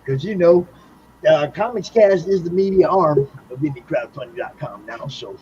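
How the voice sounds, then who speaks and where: A man's voice: a little high, animated, normal speed, darkish tone, slight background noise. A man hosting a podcast interview, upbeat and playful, laughing easily. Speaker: podcast host. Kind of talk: casual interview chat. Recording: dull lo-fi audio.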